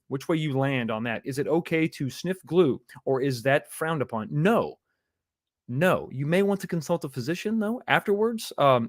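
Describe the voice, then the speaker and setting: A man's voice: a little high, no room sound, studio quality. A man hosting a casual live stream, reading chat messages aloud and cracking jokes. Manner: jokey, reads chat aloud, chatty asides. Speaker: streamer host.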